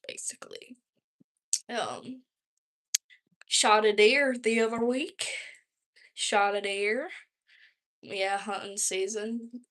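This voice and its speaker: A woman's voice: mid-range voice, sharp tone. Chatty young Southern-accented woman. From Texas, US. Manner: rambling, chatty, lots of "like" and "um". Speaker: vlogger. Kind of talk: casual livestream chat.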